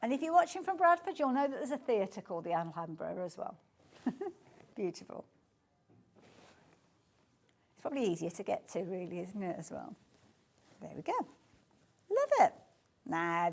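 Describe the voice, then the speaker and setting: With a medium-pitched, very animated voice, she speaks at a moderate pace and pauses often. She's presenting fabrics on a live TV shopping show from the studio, chatty and effusive, praising each design as beautiful over and over.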